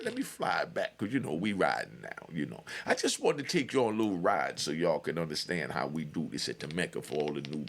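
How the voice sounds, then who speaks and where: A man with a gravelly, husky voice tells a long story in a loose, casual way. His pitch swings wildly from low to high as he wanders off the point and laughs along the way. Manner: animated and digressive, laughs often. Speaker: podcast host telling a prison story.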